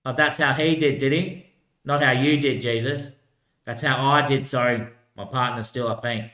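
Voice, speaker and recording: A man's voice: mid-range voice, steady tone, moderate pace, sharp tone, reverberant. A man talking in a loose, drifting solo monologue, repeating himself and tossing in "mate" often. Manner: repetitive, keeps saying "mate" and "bloody hell"; loose, drifting talk with frequent laughs. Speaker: vlogger.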